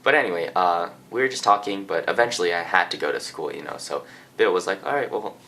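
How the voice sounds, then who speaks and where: Deep-voiced teen guy telling a rambling story. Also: expressive, fast talker, vocal fry, slight background noise. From Japan. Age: teens. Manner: rambling, lots of filler and restarts, soft-spoken. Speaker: vlogger. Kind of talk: casual confessional storytelling.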